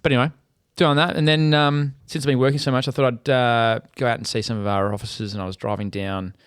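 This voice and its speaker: An Australian man co-hosting a podcast, telling stories with lively energy and frequent swearing. His voice sits at a middle pitch, and the sound is close and dry. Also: fast, smooth, dry recording. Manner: animated, swearing storyteller. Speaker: podcast co-host. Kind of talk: casual storytelling chat.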